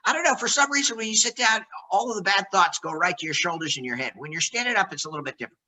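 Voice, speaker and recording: Guy running a sales workshop, lively, keeps acting out his phone greeting, bright sharp voice. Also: sits high, racing, low-quality recording. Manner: energetic, acts out phone greetings. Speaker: sales trainer. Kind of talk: live workshop coaching.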